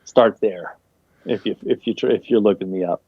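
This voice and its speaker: A man's voice: on the low side, moderate pace, husky, no room sound. A young man, a guest comedian, rambling casually through an interview in a laid-back way. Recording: dull lo-fi dry sound.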